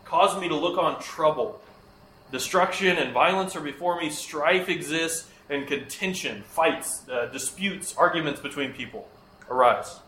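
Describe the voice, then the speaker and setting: A man's voice: a little high, unhurried, sharp tone, echoey room, slight background noise, rough recording. A man teaching a Bible lesson to a class of children, often asking them questions and repeating their answers.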